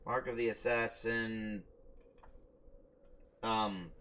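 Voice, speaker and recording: A man streaming a game live, reacting out loud to the action. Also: lowish voice, flat delivery, very slow, a little hiss or hum. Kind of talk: live gameplay commentary.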